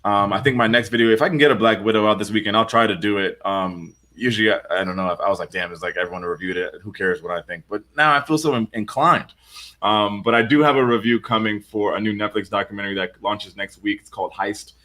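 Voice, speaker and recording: Low-voiced man reviewing films, swearing freely. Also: fast. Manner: animated, swears freely, jokes about himself. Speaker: co-host and reviewer. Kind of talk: casual live stream discussion.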